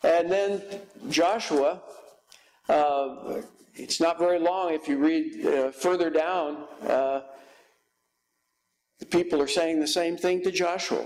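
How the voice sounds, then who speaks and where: A guest pastor, a man, preaching a sermon in a church, slow and halting with frequent fillers. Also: on the high side, darkish tone, rough recording.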